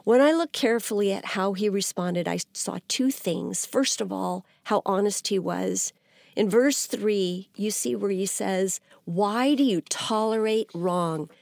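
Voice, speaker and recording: A woman's voice: mid-range voice, a little slow, gravelly, a little mellow, dry recording, clean studio sound. A woman giving an earnest podcast Bible teaching, her voice climbing when she voices a prophet's cries.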